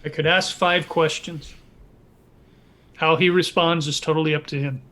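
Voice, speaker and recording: A man at a tabletop game who talks in an earnest, explanatory way. His voice sits fairly high for a man. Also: fairly even intonation, moderate pace, pushed and bright. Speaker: player.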